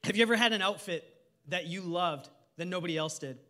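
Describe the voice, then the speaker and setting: A man preaching a sermon as a guest pastor, energetic and humorous, joking with the congregation. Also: high-pitched, brisk. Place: church service in a hotel venue.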